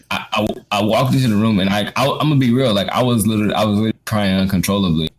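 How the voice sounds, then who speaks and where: A man's voice: fairly low pitch, racing, a little hiss or hum. A man co-hosting a podcast, speaking earnestly in casual chat, often restarting and repeating words. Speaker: podcast co-host.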